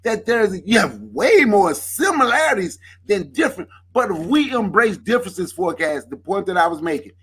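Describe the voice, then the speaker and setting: Husky, high-voiced man arguing. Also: very animated, normal speed, few pauses, fairly bright tone. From Mississippi. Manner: emphatic, argumentative, drops into low intent tones. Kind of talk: heated debate.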